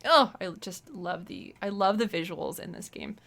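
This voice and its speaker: A woman's voice: medium pitch, lively intonation, a bit bright. A woman hosting a game stream, chatty and gushing as she plays and talks with developers. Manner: bubbly, chatty, quick to gush. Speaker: stream host playing games. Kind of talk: casual game stream chat.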